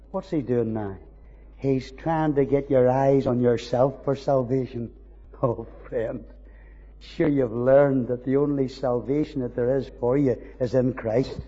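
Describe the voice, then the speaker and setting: A man preaching a sermon, swinging between soaring emphasis and quiet asides. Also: medium pitch, fairly even intonation, unhurried, husky, faint music behind. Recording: dull recording in a reverberant hall.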